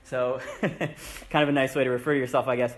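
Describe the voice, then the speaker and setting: A man's voice: mid-range voice, little pitch movement, a little fast, slight background noise. A man giving a sermon, reading scripture aloud and explaining it in a conversational teaching manner. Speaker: preacher. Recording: echoey room.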